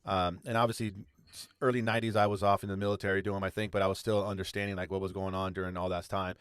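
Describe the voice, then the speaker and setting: A middle-aged man from California talks politics as a podcast co-host, his voice sitting low. He rambles and restarts sentences as he thinks aloud. The sound is dry and close, with no room around it. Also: level tone, fast, fairly bright tone, clear, resonant tone, no echo. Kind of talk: casual political discussion.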